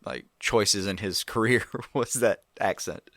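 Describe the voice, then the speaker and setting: A man's voice: on the low side, measured pace, no echo. A man co-hosting a film podcast, chatting casually and riffing on jokes. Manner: jokey, animated riffing. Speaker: podcast co-host. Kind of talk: casual chat.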